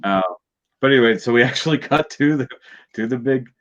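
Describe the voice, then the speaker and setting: A man's voice: medium pitch, a little fast, fairly bright tone. A man hosting a casual review chat, retelling scenes with mocking character voices. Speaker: show host. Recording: dull lo-fi sound.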